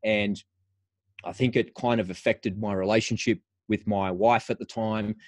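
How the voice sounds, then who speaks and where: A man's voice: lowish voice, steady tone, normal speed, no echo. A middle-aged man and former paratrooper telling a personal story frankly as a podcast guest, often restarting his phrases. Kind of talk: candid storytelling in a podcast interview.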